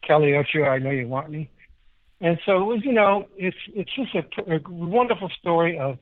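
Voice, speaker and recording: An older man from Chicago, a guest musician, telling rambling, animated anecdotes in a casual interview. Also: a little high, moderate pace. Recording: tinny phone-like line.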